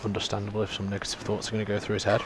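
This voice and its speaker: A man's voice: lowish voice, monotone, racing. A man giving casual, joking live commentary on a tennis match. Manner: chatty, joking, reacting to play. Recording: loud background noise at a live venue.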